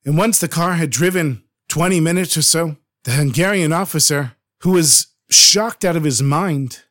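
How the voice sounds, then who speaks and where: A man telling a dramatic true story in an earnest, expressive way. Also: on the high side, moderate pace.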